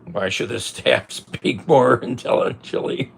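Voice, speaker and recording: A man's voice: medium pitch, slow pace, vocal fry, slight background noise. A man vlogging, giving casual rambling commentary with a mocking edge and many fillers. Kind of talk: casual commentary while cooking.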